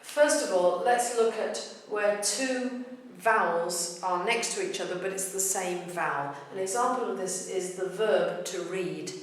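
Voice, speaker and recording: A woman teaching pronunciation in a patient, measured way, slowing down to demonstrate words. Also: mid-range voice. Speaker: language teacher. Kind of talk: explanatory lesson. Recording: very echoey room, voice from far off.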